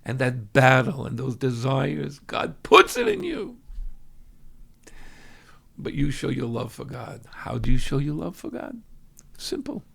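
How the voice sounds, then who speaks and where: A man teaching as a rabbi in a dramatic way. He swings between loud outbursts and hushed asides, and acts out everyday people when he quotes them. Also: medium pitch, wildly swooping pitch, unhurried, creaky, pauses often, slightly rough. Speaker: rabbi teaching a weekly class. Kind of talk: animated religious teaching.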